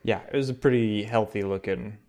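A man's voice: fairly low pitch, steady tone, a little fast, a little mellow. A man co-hosting a casual podcast, adding dry, wry one-liners. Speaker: podcast co-host. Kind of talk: casual chat.

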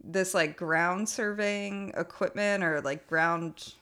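A young woman in a relaxed podcast chat, her voice sitting a little low for a woman. She laughs easily and strings her thoughts together with lots of "like" and "um", mimicking the people she describes. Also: takes it slowly, clean tone. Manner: laughs often, many "like" fillers, mocking quoted voices. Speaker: podcast co-host. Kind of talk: casual chat recapping a TV show.

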